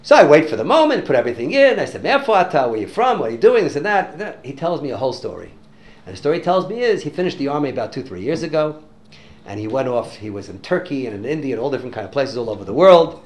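A man telling a story in a religious talk to an audience, animated and sprinkling in Hebrew and Yiddish words. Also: mid-range voice, quick pace. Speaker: religious teacher.

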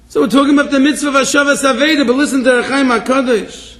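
Man, very high voice, sermon, hushed storytelling, shouted exhortation. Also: steady tone, fast talker, few pauses. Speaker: rabbi.

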